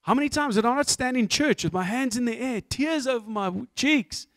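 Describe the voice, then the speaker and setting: A man's voice: extremely high pitch, lively intonation, normal speed, fairly bright tone, no echo, clean studio sound. A middle-aged man from South Africa with a South African accent, giving a candid, self-mocking testimony talk as a guest speaker.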